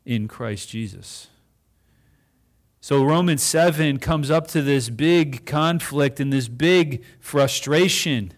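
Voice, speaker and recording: A man's voice: medium pitch, slow. A man preaching a sermon in a conversational way, asking the congregation questions and voicing imagined speakers.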